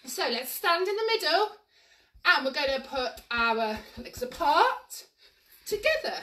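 Bright, lively woman leading toddlers. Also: high-pitched, measured pace. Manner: cheery, encouraging, sing-song instructions to small children. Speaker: children's exercise class leader. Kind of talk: live-streamed toddler movement class. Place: room at home. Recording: echoey room, mic at a distance.

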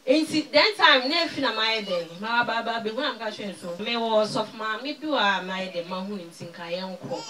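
A woman with a Ghanaian accent giving a spoken testimony at a church service, mixing Twi and English and swinging from loud to very soft. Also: a little high, brisk, hardly any pauses, recorded from a distance.

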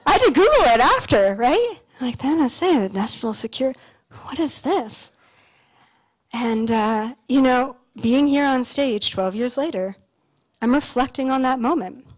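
A young woman from Canada giving a motivational talk on a conference stage, telling stories in a casual, animated way with some swearing. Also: high voice, normal speed, poor audio. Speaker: conference speaker. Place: lecture stage at an expo.

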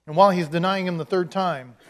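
Higher-voiced man preaching conversationally. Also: quick pace, fairly bright tone. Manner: conversational storytelling, acting out quotes. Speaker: pastor. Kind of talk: sermon.

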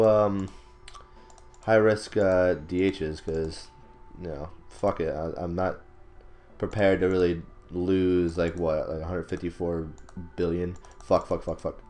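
Deep-voiced young man cursing over gameplay. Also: a little slow, darkish tone. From not British. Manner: rambling, swears a lot, laughs at himself, outbursts of frustration. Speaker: gaming commentator. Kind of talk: casual gameplay commentary.

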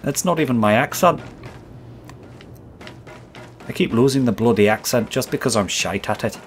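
The host here adopts a crude, taunting gamer character, trash-talking his way through gameplay in a put-on accent he concedes isn't really his. He's foul-mouthed and brash, lightly acted, with an expressive medium-pitched voice at a moderate pace. Soft music plays in the background.

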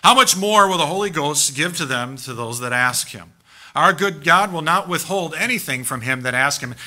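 Forceful, bright-voiced male pastor preaching. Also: a little high, normal speed. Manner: emphatic, animated preaching with rhetorical questions. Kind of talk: sermon. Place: church sanctuary.

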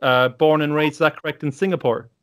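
A man's voice: a little high, steady tone, fast talker, a bit bright, clear, resonant tone. A man hosting an interview, enthusiastic and full of fillers, repeating words of praise. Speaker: interviewer, host. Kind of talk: interview, casual chat.

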